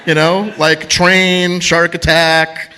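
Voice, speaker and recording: A man's voice: on the high side, level tone, takes it slowly, pushed and bright, a little hiss or hum. A man telling a funny true story on stage at a live storytelling event, chatty and self-deprecating, laughing at himself.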